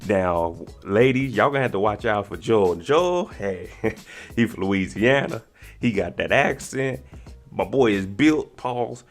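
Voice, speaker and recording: A man giving a casual, slangy recap of a dating show, animated and acting out what the cast members said. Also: unhurried, soft background music. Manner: animated, slangy, acts out quotes in higher pitch. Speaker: YouTube reaction host.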